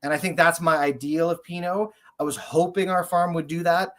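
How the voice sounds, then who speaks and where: A man's voice: on the high side, fairly even intonation, brisk, fairly bright tone. A man, a winemaker, talking enthusiastically and rambling in a casual interview, with many fillers. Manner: enthusiastic, rambling, heavy use of "like". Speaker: winemaker guest.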